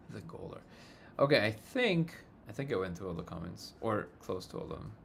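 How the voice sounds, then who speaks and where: A man's voice: fairly low pitch, sing-song, normal speed, gravelly, slight background noise. A man hosting a casual livestream, reading viewer comments aloud and joking with a frequent chuckle. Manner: jokey, chuckles often between remarks. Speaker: livestream host.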